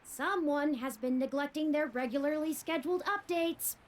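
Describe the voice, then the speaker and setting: A woman voicing an earnest, curious robot companion in a video game, bright and wordy. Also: high-pitched, moderate pace, very noisy, natural voice. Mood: pleased.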